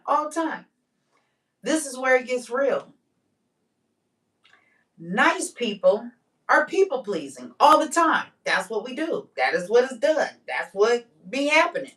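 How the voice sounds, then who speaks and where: A woman's voice: a little high, a bit bright, recorded from a distance. Candid slangy woman vlogger, a bit off-mic. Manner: candid, emphatic, slangy, slows down to stress points. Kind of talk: casual personal monologue.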